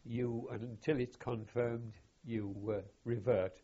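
An older man, recalling his wartime service in an oral history interview in a halting, measured way with wry self-deprecation, on a dull lo-fi recording. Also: mid-range voice, steady tone, mellow, slightly rough. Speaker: veteran interviewee.

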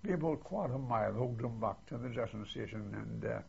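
An older man rambles through his memories of the war, often tagging his lines with "see". His voice is gravelly and husky. The old archival tape sounds dull and lo-fi. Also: mid-range voice, a little fast. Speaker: war veteran interviewee. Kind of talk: oral history recollection.

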